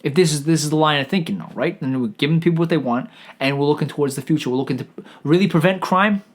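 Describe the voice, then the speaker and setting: A man's voice: fairly high pitch, fast talker. Sarcastic rambling male comedian. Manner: sarcastic, rambling, frequent stammered restarts. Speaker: comedy podcast host. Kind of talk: profane comedic rant.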